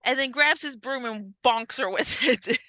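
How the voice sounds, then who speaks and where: A woman's voice: high voice, a little slow, no room sound, lo-fi sound. A woman co-hosting a podcast, chatting casually as she recaps a movie, swearing and acting out the scenes in voices. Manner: animated, profane, acts out scenes in voices. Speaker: podcast co-host.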